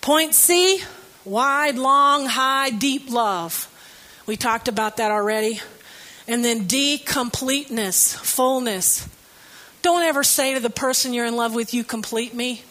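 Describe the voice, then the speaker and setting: Bright high-voiced woman preaching. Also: a little slow. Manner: conversational storytelling with humor. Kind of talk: sermon.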